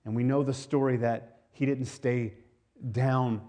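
A man's voice: mid-range voice, fairly even intonation, a little slow, dark tone. A male pastor preaching a sermon to his congregation in a conversational way, often repeating words and asking the listeners questions.

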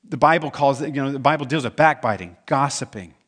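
A man's voice: mid-range voice, fast talker, a bit bright, husky. A man preaching a sermon as pastor, talking in a conversational way and asking the congregation questions. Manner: acts out quoted voices in the stories.

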